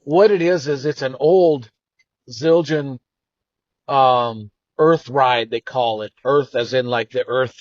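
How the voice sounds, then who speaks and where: A man's voice: mid-range voice, slow, no room sound. A man co-hosting a show, earnestly telling a personal story in a reflective, meandering way. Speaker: co-host. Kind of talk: casual storytelling. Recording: dull, dry lo-fi sound.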